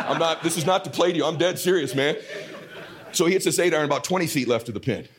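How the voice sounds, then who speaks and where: Ein Mann, der aufgeregt und lebhaft eine Geschichte erzählt, oft flucht und immer wieder laut wird. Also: male voice, on the high side, fast, a crowd in the background. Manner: animated, swears freely, bursts into shouting. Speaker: father telling a story. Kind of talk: excited storytelling.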